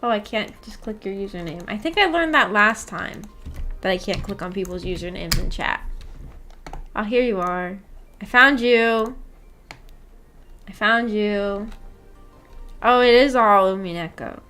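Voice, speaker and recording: A woman's voice: mid-range voice, animated, normal speed, fairly bright tone. A woman streamer chatting casually with her live viewers, rambling and giggling as she reads chat aloud. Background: faint background music.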